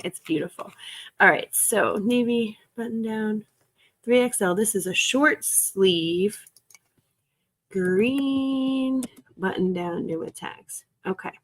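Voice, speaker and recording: A woman's voice: mid-range voice, lively intonation, takes it slowly. A woman hosting a casual live stream while she works through resale stock, chatting and giggling with her viewers. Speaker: resale livestream host.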